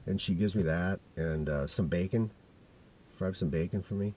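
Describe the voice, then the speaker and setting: A man in his fifties rambles through a personal story in a low, husky voice. His tone is dark and mellow, and he keeps restarting his sentences and wandering off into side details. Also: moderate pace. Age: 50s. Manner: meandering, with many restarts and asides. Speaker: vlogger telling a personal story.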